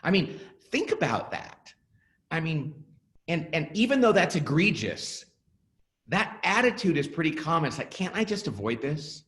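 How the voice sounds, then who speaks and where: A man's voice: on the high side, normal speed. A middle-aged man, an author, talking in a webinar interview and acting out the dialogue he quotes as he tells stories. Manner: animated storyteller who acts out quoted dialogue. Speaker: author and guest speaker.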